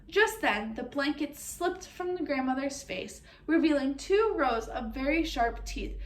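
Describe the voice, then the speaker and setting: A woman reading a children's storybook aloud, expressively, pausing to ask her listeners questions. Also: high-pitched, expressive.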